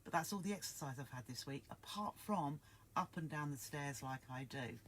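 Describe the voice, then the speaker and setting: A woman's voice: low voice, animated, normal speed, a bit bright, slight background noise. Chatty woman hosting a sewing livestream. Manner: chatty, greets viewers by name, rambling. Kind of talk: casual livestream chat.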